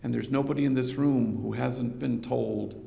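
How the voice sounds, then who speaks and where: A priest giving a conversational keynote speech, telling stories in an anecdotal manner with a bit of slang. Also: male voice, medium pitch, steady tone, moderate pace, vocal fry, warm tone. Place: conference hall. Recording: reverberant hall recording.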